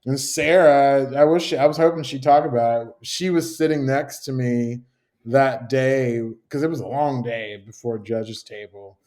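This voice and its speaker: A man's voice: mid-range voice, measured pace, darkish tone. A man talking as a chef guest on a podcast, telling stories casually, swearing a lot and acting out what others said. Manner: profane, storytelling, acts out quotes. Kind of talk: casual chat.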